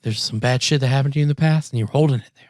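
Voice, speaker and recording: Man telling a rambling, animated story. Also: medium pitch, racing, no room sound, clean studio sound. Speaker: podcast co-host. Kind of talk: casual chat.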